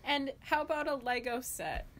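A woman's voice: high voice, very animated, normal speed, noisy background. A woman co-hosting a podcast, making sarcastic jokes and laughing often. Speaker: podcast co-host. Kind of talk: casual chat, joking commentary.

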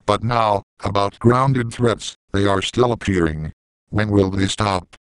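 A man delivering a scripted rant in a flat, measured way. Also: on the low side, clear, resonant tone, dry recording, poor audio. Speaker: YouTube ranter.

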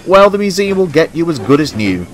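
A man's voice: on the high side, very animated, fairly quick, slight background noise, voice pushed up. A man voicing a cheerful, friendly male vintage tank engine in a storybook tale, chuckling and chatty.

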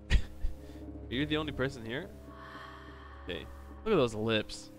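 A man's voice: medium pitch, animated, measured pace. A man streaming a game live, joking and chatting playfully with viewers. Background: game music.

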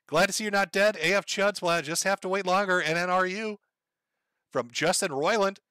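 Sardonic man reading chat, bright voice. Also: high-pitched, dry recording. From Minnesota. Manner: sardonic, profane, reads messages aloud in a flat wry tone. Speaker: livestream host reading viewer donations. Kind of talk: casual livestream chat.

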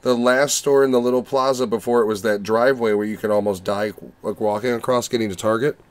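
A young man from the Chicago area, hosting a casual movie podcast and talking in a profane, rambling, animated way. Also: fairly low pitch, quick pace. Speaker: podcast host reviewing movies. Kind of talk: casual chat.

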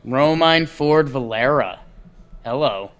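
A man's voice: medium pitch, expressive, slow. A man co-hosting a casual baseball podcast, with wry, sarcastic banter. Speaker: podcast co-host. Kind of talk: casual sports chat.

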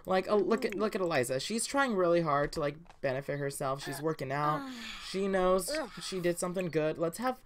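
A woman's voice: fairly low pitch, fairly quick, a crowd in the background. A woman hosting a casual let's play, chatting loosely with lots of fillers and giggles. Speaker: gaming channel host.

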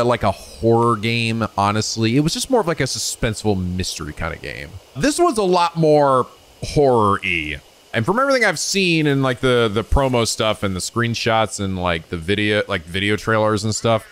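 A man hosting a let's play, chatting excitedly and a little ramblingly as he introduces a new game. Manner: voices quoted people in a raised pitch. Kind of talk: casual gaming commentary.

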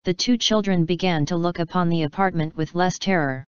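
Woman narrator for a classic audiobook; measured, crisp, dry close sound. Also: lowish voice, no echo, dull audio. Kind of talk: scripted narration of a classic novel.

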